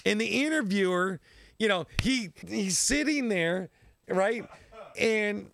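A man's voice: sits high, expressive, takes it slowly, creaky, a bit bright. A man hosting a talk show, telling a story in a loose, rambling way, repeating himself and laughing often.

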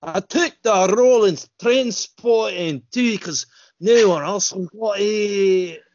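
A man's voice: sits high, takes it slowly, a little mellow, dry recording, muffled recording, voice pushed up. A man impersonating a Scottish actor, with a whispery, slurred mumble in a put-on Scottish accent. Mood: rambling.

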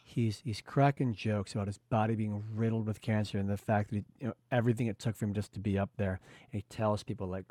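Earnest low-voiced male podcast host. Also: fairly even intonation, fast, few pauses, dark tone, no room sound. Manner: earnest, reflective, many fillers. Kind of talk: casual podcast conversation.

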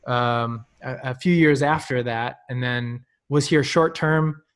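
A man in his thirties from North Dakota, a guest on a ministry podcast, chatting casually and telling jokey stories. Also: slow. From North Dakota, USA. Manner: jokey storyteller, pitch jumps when telling anecdotes.

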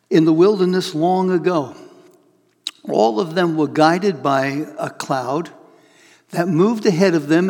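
Male pastor preaching, bit higher voice, acts out the stories, long echo in the hall. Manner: animated storytelling, acts out voices in illustrations. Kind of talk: sermon.

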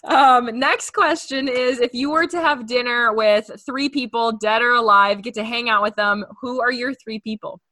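A woman's voice: on the high side, fairly even intonation, moderate pace, hardly any pauses, sharp tone, no room sound, clean studio sound. A young adult woman hosting a podcast, chatting casually and filling her talk with "like.". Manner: chatty, heavy use of filler words. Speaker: podcast host.

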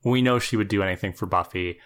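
A man's voice: on the low side, fast, a bit bright, clear, resonant tone. A man co-hosting a casual podcast, analysing a TV episode in a thoughtful, explanatory way, often checking in with "right?". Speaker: podcast co-host.

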